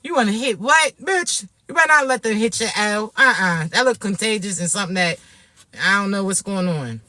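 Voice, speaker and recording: A woman from Florida, ranting to camera in a brash, profane, animated way. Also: medium pitch, a little fast, no room sound, clean studio sound. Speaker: vlogger. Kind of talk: casual rant to camera.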